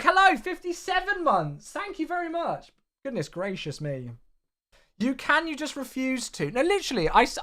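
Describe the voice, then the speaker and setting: Man, live-stream chat, animated up-and-down voice, chatty and excitable, a bit worn out. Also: high-pitched. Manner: excitable, chatty, thanks viewers effusively. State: tired. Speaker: flight-sim streamer.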